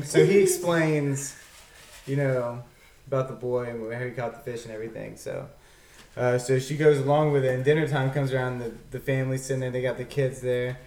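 A man's voice: mid-range voice, steady tone, brisk, a little mellow, a little hiss or hum. Guy rambling through a joke, echoey room, far from the mic. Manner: rambling, many fillers. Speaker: joke teller. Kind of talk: telling a joke to a group. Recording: roomy, far from mic, faint ambience.

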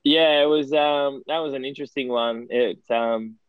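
Australian male guest, mid pitch, rambling storyteller, dry muffled sound. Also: fairly even intonation, moderate pace, smooth. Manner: rambling, self-deprecating storyteller with many restarts and fillers. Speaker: guest, former footballer and coaching director. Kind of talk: casual interview chat.

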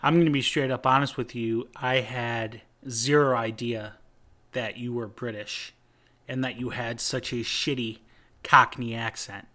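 A man's voice: mid-range voice, fairly even intonation, measured pace, bright, forceful tone, pitched below the performer's own voice. A man playing a fed-up studio engineer. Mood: deadpan. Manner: blunt, irritated, swearing. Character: exasperated male recording engineer, fed up.

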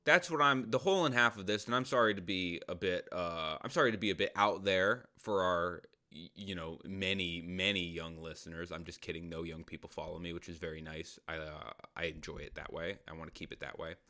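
Bright-voiced man riffing joke advice. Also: fairly quick, few pauses. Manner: absurd deadpan advice, muttered asides, sudden falsetto jokes. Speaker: comedian answering listener questions; personal trainer. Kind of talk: comic advice podcast.

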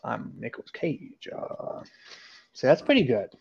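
A man doing an impression of a self-important male movie star who rambles through breathy, halting "uh"s. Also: medium pitch, huge pitch swings, a little mellow, a little hiss or hum, full character voice. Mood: pompous drawl. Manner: halting, full of breathy drawn-out "uh"s. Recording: dull lo-fi sound.

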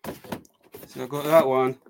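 A man's voice: mid-range voice, level tone, slow pace, vocal fry. A man with a Scottish accent chatting casually on a podcast, listing items one after another. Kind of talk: casual chat.

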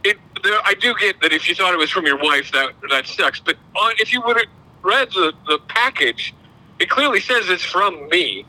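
Teasing, very bright-voiced man. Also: sits high, lively intonation, normal speed, rough recording. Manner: teasing, laughs often. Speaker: podcast co-host. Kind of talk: casual podcast banter.

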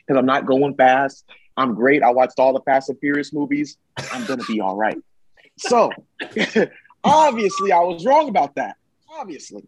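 Animated storyteller man, husky voice. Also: mid-range voice, moderate pace, no echo, poor audio. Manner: animated, dramatic retelling with acted-out quotes. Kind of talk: casual storytelling chat. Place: Michigan.

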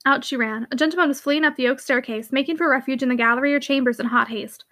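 Fast, high-voiced woman narrating a classic novel. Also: bright, forceful tone. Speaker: audiobook narrator.

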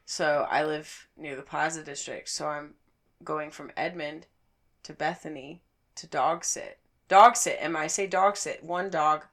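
A young woman tells a story in casual podcast chat, swearing freely and acting out her own reactions. Her voice is bright and forceful and sits a little low for a woman. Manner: profane, animated storytelling with acted-out quotes.

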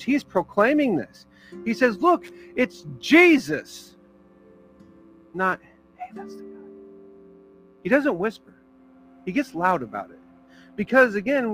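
A man's voice: high-pitched, fairly bright tone, poor audio. A man preaching a sermon as pastor, in a casual, conversational way with fillers and small jokes.

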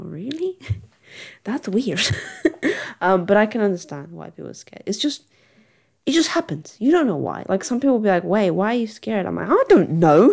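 A woman's voice: medium pitch, gravelly, a little mellow. Chatty young woman vlogger, rambling. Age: young adult. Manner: chatty, rambling, self-reassuring, laughs often. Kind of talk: casual chat to camera.

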